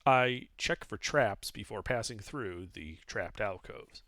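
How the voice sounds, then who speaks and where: A man playing in a tabletop role-playing game with a gravelly edge to his voice. He states his character's moves with wry, lively inflection. The sound is dry and close. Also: fairly low pitch, takes it slowly, dry recording. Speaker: player. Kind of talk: casual tabletop play.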